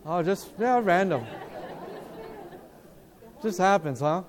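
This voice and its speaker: A man preaching at a seminar, telling a story in a lively way, acting out the dialogue and asking his listeners questions, speaking in a hotel seminar room. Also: sits high, slow pace, a faint crowd. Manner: animated, acts out dialogue, asks the audience questions.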